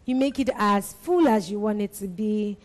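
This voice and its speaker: In a church hall with long reverb, a woman with a medium-pitched voice exhorts church volunteers at a moderate pace. She speaks in emphatic repetitions and laughs often.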